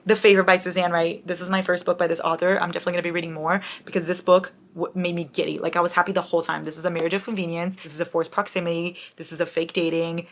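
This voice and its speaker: A young woman chatting casually to camera about books, bubbly and dramatic, now and then breaking into song. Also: lowish voice. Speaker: book vlogger.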